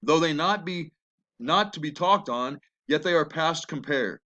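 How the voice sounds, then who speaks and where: A man's voice: a little high, animated, unhurried, pushed and bright, muffled recording. A man reading the lines of a complaining old nurse who teases and stalls, as a classroom reading from the play. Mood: grumbling. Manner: read aloud from the play text.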